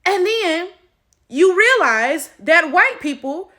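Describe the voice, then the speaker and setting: Young woman, high bright voice, blunt slangy commentary. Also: sing-song, slow. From Detroit, USA. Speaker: commentary YouTuber. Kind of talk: reaction commentary.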